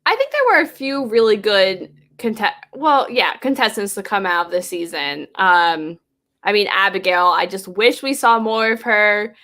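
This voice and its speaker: A podcast co-host with a sharp, mid-range voice, lively intonation and normal speed chats casually. She's upbeat and talkative, sprinkling lots of "like" through her sentences.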